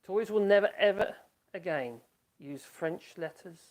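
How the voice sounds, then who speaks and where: A man's voice: sits high, measured pace, a little mellow. A middle-aged man, chatting casually on a live stream in a rambling way, trailing off and restarting his sentences.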